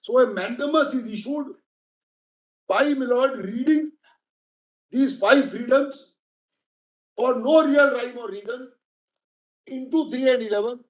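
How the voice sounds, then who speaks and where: A man's voice: extremely high pitch, a little slow, long pauses. A man with an Indian English accent arguing a case before judges in court, emphatic and persistently addressing the bench as my lord. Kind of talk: courtroom legal argument. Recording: echoey courtroom.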